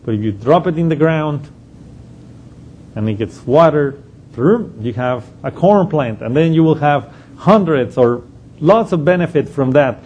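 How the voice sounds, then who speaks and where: A man's voice: on the high side, expressive, unhurried, darkish tone, slight background noise. A man giving an unscripted Bible study lesson, explaining a passage step by step and thinking aloud as he goes. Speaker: Bible teacher.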